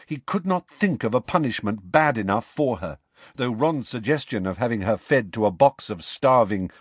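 A man reading a novel aloud as narrator, steady and expressive. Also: medium pitch, husky, no room sound. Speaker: audiobook narrator. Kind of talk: scripted narration.

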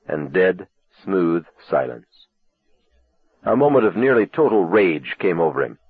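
Husky male narrator on old cassette. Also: sits low, sing-song, measured pace, no echo. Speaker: audiobook narrator. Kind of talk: scripted narration. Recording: tinny, dry lo-fi cassette audiobook.

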